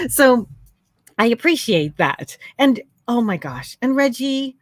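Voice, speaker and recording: A woman's voice: on the high side, huge pitch swings, slow, no echo. A woman hosting a casual live stream, chatty and effusive, talking with lots of fillers. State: tearful, emotional. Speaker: host.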